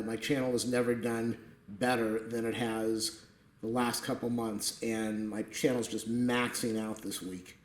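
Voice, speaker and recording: A man of middle pitch talks loosely and chattily while filming a phone at home, wandering from one thought to the next with little jokes along the way. The room around him is echoey and bare-sounding. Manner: chatty and meandering, jokey asides. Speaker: tech video creator. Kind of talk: rambling off-camera vlog commentary. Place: at home at a computer table.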